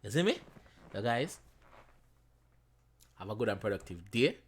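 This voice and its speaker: A man with a Jamaican accent hosting a reaction video, chatting casually in patois-flavored English, animated and often repeating himself. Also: fairly low pitch, unhurried, breathy edge. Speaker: reaction channel host.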